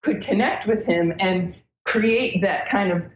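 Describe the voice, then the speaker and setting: A woman astrologer as a podcast guest, telling stories in an animated, breathless way with many restarts. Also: medium pitch, takes it slowly, slight background noise. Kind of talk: casual podcast interview. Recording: roomy, dull lo-fi sound.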